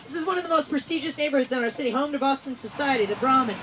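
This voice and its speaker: A lively, jokey woman guides a tour from the driver's seat, mixing stories with comic patter. her voice sits a bit high, and vehicle and street noise run under it. she talks like a showwoman working a crowd. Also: very fast. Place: amphibious tour vehicle outdoors.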